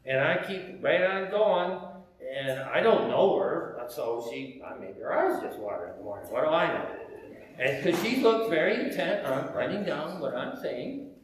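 A man telling a story in a sermon, animated, acting out the dialogue he quotes. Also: fairly high pitch, measured pace. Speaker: preacher. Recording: very echoey room, faint background hum.

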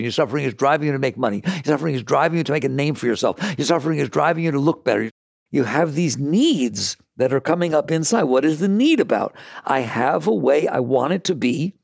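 A man giving a spiritual talk to an audience, animated and rhetorical, with laughing asides. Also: medium pitch, vocal fry, no room sound, studio quality. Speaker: spiritual teacher.

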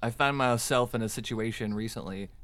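A middle-aged man co-hosting a podcast, wry and self-deprecating, talking haltingly with many fillers. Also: mid-range voice, a bit bright, a little hiss or hum. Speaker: podcast co-host. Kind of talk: casual chat. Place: Chicago.

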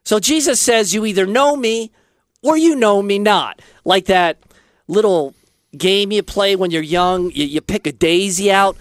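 A man's voice: high voice, unhurried, no echo, studio quality. A man hosting a talk show in casual chat, rambling and joking, drifting into preachy asides.

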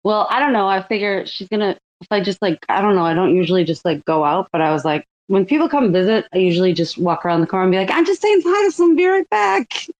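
A woman's voice: fairly low pitch, quick pace, hardly any pauses, lo-fi sound. A woman in her thirties hosting a casual online audio chat, joking and laughing often. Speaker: space host.

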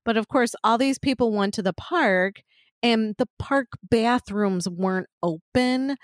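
A woman's voice: a little high, a little slow, dry recording, studio quality. A woman co-hosting a podcast in casual chat, rambling and swearing with frequent laughs. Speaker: podcast co-host.

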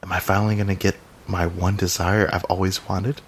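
A man's voice: sits low, little pitch movement, fairly quick, slightly rough. A man co-hosting a comedy podcast, chatting casually and laughing often. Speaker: podcast co-host.

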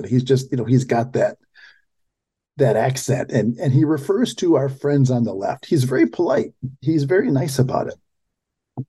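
A man's voice: medium pitch, mellow, breathy edge. Emphatic man hosting talk radio. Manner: emphatic, repetitive, restarts phrases. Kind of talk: political talk radio monologue.

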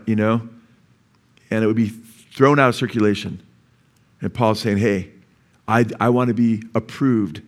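A male pastor delivers a sermon to a live congregation in church, his voice at a middle pitch. He keeps drawing the room in with questions for them to call back. When he teaches a term he slows down and sounds it out carefully. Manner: teaches word by word, sounding out terms slowly.

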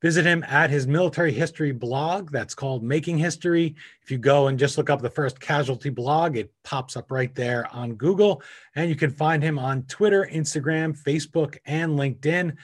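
A man's voice: a little high, moderate pace. Man host plugging a guest's book. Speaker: podcast host. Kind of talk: show announcement and plug.

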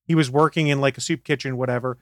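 A man co-hosting a geek podcast, telling stories in an animated way and acting out the voices of the people in them. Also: mid-range voice, fast, dry recording, clean studio sound. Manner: animated anecdote teller who acts out quotes. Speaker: podcast co-host. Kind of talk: casual chat.

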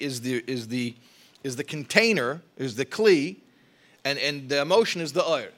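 With a fairly high pitch and a sharp tone, a man leads a religious study class. He poses rhetorical questions, restarts quickly and repeats words as he explains ideas.

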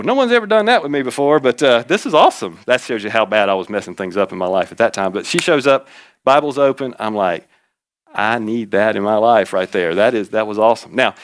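Folksy male preacher, low voice. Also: dry recording. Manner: folksy storytelling with laughs and emphatic repetition. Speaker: pastor. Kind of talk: sermon.

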